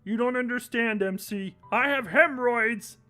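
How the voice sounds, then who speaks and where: A man's voice: very high voice, normal speed, sharp tone, faint music behind, pitched above the performer's own voice. A man reading a visual novel aloud, putting on the voice of a tearful, sulking teenage girl in a whiny, weepy tone. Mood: mopey.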